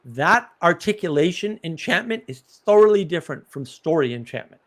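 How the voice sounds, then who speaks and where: A man's voice: on the high side, expressive, normal speed, fairly bright tone. A man hosting a live stream, explaining ideas in a casual, thoughtful way with examples.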